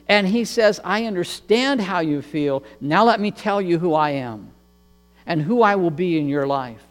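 A man preaching a sermon as pastor, earnest and measured, often repeating words as he goes. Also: a little high, lively intonation, in a large hall.

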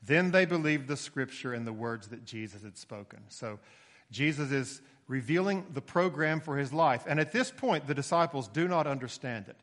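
A man's voice: medium pitch, moderate pace. Man preaching in a reverberant hall. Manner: explanatory, steady teaching tone with occasional emphatic rises. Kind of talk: expository sermon.

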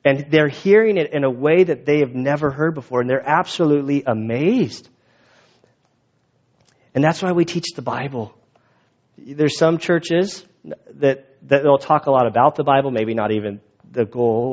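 A male pastor with a medium-pitched, darkish voice gives a casual, conversational sermon, speaking quickly and restarting phrases. The recording sounds dull and lo-fi.

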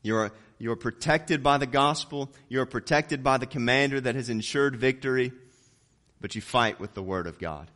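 Speaking briskly, a preacher reads scripture in his sermon, climbing to loud, forceful highs and sinking low to stress important words.

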